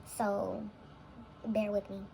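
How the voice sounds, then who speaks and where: Gravelly young woman telling a story. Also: mid-range voice, level tone, takes it slowly, dark tone, slight background noise, low-quality recording. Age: young adult. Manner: rambling, reflective, heavy with fillers. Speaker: vlogger. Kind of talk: casual storytime monologue.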